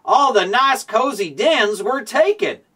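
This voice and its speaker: A man hosting a show and reading a children's storybook aloud in a slow, expressive storytelling way. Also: extremely high pitch, slightly rough, distant mic. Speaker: show host.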